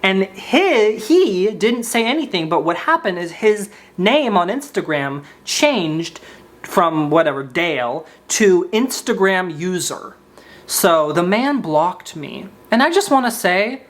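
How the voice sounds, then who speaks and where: Young male comedian, sarcastic and mock-indignant, with a very lively, bouncing delivery. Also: sits high, slow pace. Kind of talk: comedic monologue to camera.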